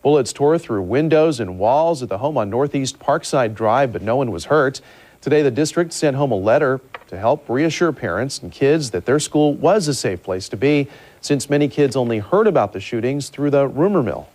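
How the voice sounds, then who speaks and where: A male news anchor reading scripted news stories in a steady, measured way. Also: mid-range voice.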